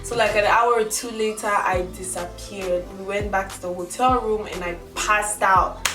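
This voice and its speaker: A young woman vlogger telling a story in a chatty, animated way, acting out her own quotes. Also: mid-range voice, moderate pace. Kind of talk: casual storytelling. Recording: roomy echo from a distance, music behind. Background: background music.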